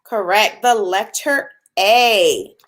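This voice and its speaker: Slow, patient woman teaching phonics. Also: medium pitch, lively intonation, a bit bright. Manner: slow, patient, drawn-out sounds with encouraging praise. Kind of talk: phonics lesson for young children.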